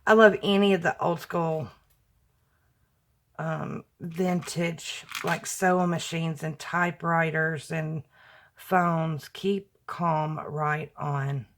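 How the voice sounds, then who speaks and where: Woman, soft-spoken, gushing, casual unboxing vlog, slow pace. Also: sits low, steady tone. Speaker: crafting YouTuber opening happy mail.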